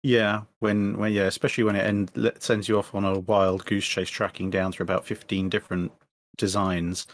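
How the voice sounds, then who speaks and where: Casting: man with a lowish voice, podcast guest, halting delivery, wry. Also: flat delivery, no room sound. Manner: hesitant, self-deprecating humor. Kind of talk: casual chat.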